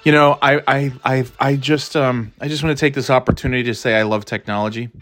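Male podcast host, mid-pitched, rambling and profane, faint music bed. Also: fairly even intonation, quick pace, a bit bright. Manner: rambling, profane, self-mocking, many restarts. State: throat irritated, clearing it. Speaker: podcast host giving football picks. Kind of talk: casual rambling monologue.

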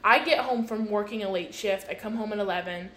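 A woman's voice: medium pitch, brisk, a bit bright. A woman in her twenties co-hosting a podcast, recounting her grievances with exasperation and heavy swearing. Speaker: podcast co-host. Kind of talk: casual storytelling chat. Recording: echoey room with faint noise.

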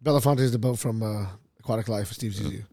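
A man hosting a podcast, chatting casually with friends, animated and swearing, laughing at his own jokes. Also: lowish voice, quick pace, creaky, no room sound. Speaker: podcast host. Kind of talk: casual chat.

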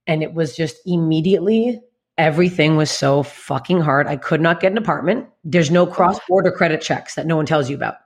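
Woman comedian in her late 30s; rapid-fire, blunt, profane storyteller. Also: sits low, husky. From Canada. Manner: blunt, swears constantly, animated retelling. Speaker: guest comedian. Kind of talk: candid podcast storytelling.

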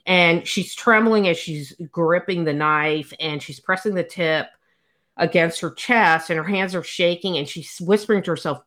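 A woman with a slightly low voice chats casually, recapping a story with animated energy. She slips into the characters' lines as she goes and swears now and then. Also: measured pace. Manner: animated retelling, acts out quotes, swears casually. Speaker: podcast co-host. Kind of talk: casual book recap chat.

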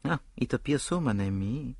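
Man reading as a fussy Belgian detective, higher voice, French-accented, fastidious and airy. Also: wildly swooping pitch, dark tone, slightly rough, no echo, clean studio sound, full character voice. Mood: wry. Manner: French phrases in his English. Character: fussy middle-aged Belgian male detective.

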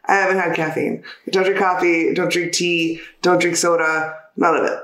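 A woman co-hosting a podcast, telling stories in a playful, giggly, animated way. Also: on the low side, normal speed. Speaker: podcast co-host. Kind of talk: casual chat. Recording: echoey room.

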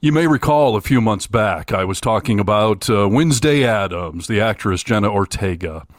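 A man co-hosting a casual talk show from a room at home, easygoing and quick to laugh along with the banter. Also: on the low side, animated, dry recording, studio quality. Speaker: podcast co-host. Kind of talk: casual chat.

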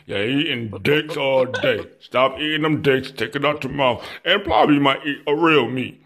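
A man's voice: mid-range voice, normal speed, a bit bright. A man throwing rambling, boastful crude insults, a bit out of breath. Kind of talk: crude trash talk.

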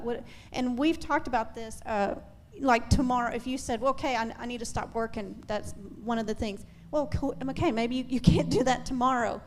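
A woman's voice: on the high side, slight background noise. A middle-aged woman on a faith-based talk show, speaking earnestly and encouragingly to mothers, with frequent small restarts.

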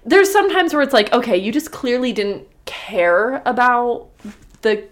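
A woman in her thirties co-hosting a casual podcast, giggly and animated, swearing freely. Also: fairly high pitch, measured pace. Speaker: podcast co-host.

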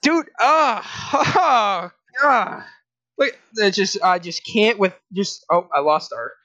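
A man's voice: high voice, animated, slow pace, sharp tone, dry recording, lo-fi sound. A young man co-hosting a casual sports podcast, ranting in exasperation, laughing and restarting his sentences. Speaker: podcast co-host.

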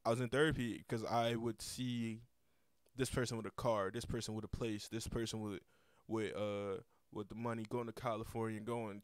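A man's voice: mid-range voice, fairly bright tone, no room sound, studio quality. A young man hosting a casual podcast, rambling with lots of repeated words and cursing freely. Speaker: podcast host.

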